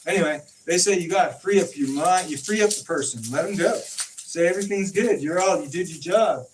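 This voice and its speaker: A man telling stories in a casual chat, acting out quoted dialogue with animated swings in his delivery. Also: high voice, brisk. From California. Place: informal home conversation. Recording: distant mic with faint noise.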